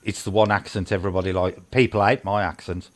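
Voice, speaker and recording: A man's voice: low voice, steady tone, quick pace, a little hiss or hum. A man with a Birmingham accent in casual, jokey chat, teasing his friends and laughing often. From England, near Birmingham. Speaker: live chat host.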